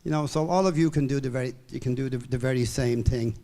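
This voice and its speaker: An older man from Ireland in his seventies addresses a room in a steady middle-pitched voice. His speech is upbeat and rambling, with many fillers and restarts, as he thanks his audience and colleagues. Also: quick pace. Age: 70s. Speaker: company distributor giving a speech. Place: hall with an audience.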